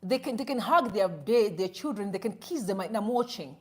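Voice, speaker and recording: A woman's voice: medium pitch, expressive, moderate pace. A woman from Zimbabwe, hosting a live stream with opinionated commentary and acting out both sides of a conversation as she tells a story. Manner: mixes Shona phrases into English.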